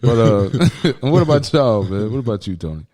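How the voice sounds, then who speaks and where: A young man co-hosting a podcast, talking in a relaxed, slangy way. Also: mid-range voice, moderate pace. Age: young adult. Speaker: podcast co-host. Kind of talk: casual chat.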